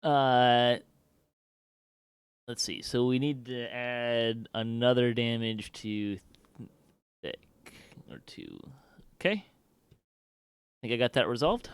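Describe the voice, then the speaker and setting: A man running a tabletop game as game master, thinking aloud as he goes, with lots of fillers. His voice is smooth and clear and sits at an ordinary pitch. The sound is dry and close. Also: slow pace, long pauses, no echo.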